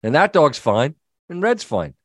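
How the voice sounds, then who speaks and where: A man co-hosting a podcast, telling a story in casual chat with many restarts and quick shifts in tone. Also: fairly high pitch, big pitch swings, no echo, studio quality. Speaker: podcast co-host.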